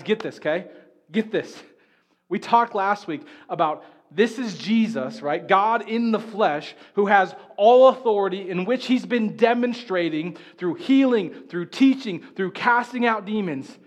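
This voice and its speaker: High-voiced man preaching conversationally. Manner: conversational, animated preaching with frequent "right?". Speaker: pastor. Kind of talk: sermon.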